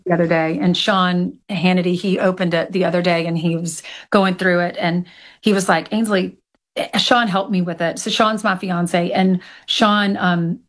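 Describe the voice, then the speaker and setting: Candid middle-aged woman guest, lowish voice. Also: steady tone, moderate pace. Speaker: author and guest. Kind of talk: casual interview chat.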